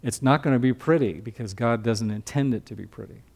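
A man's voice: medium pitch, brisk, creaky, darkish tone. An older man preaching a sermon as a pastor, teaching from scripture in a conversational way and asking the congregation questions.

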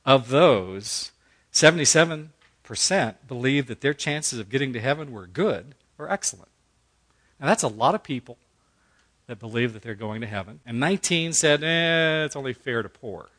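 A man's voice: mid-range voice, lively intonation, moderate pace, a bit bright. A middle-aged man teaching a Bible study in a conversational preaching style, earnest and folksy, acting out quotes as he goes.

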